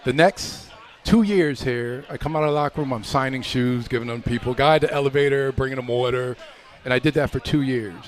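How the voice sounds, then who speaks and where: A middle-aged man, a former pro basketball player, telling long anecdotes as a guest on a live radio show, relaxed and acting out the voices of people in his stories. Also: medium pitch, a little fast, a little hiss or hum. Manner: relaxed anecdotal storyteller, acts out quoted voices. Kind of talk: storytelling in a live radio chat.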